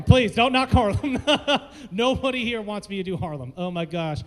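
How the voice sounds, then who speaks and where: A man from the American South co-hosting a live comedy show, loud, playful and exclamatory, working the crowd. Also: high-pitched, expressive, normal speed, hardly any pauses. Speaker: comedy co-host. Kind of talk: stand-up hosting with crowd work. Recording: echoey hall.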